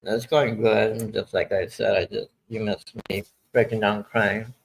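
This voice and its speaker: A man's voice: lowish voice, level tone, a little slow, gravelly, rough recording. A man in his sixties hosting a casual live chat, rambling and often losing his train of thought. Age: 60s. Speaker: livestream host.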